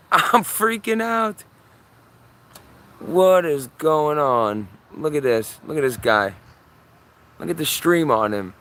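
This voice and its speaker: Man, middle-pitched voice, urgent excitable sky-watching commentary, outdoors, phone mic. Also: a little slow. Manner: excitable, repeats himself, urgent. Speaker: livestreamer. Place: outdoors in his yard.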